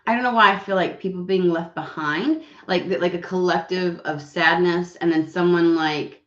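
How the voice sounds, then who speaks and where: Casual tarot reader, a woman, sniffly and rambling, lower pitch, echoey room. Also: moderate pace. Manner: rambling, swearing, many fillers. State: recovering voice, sniffly. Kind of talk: casual chat and card reading. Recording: roomy, dull lo-fi sound.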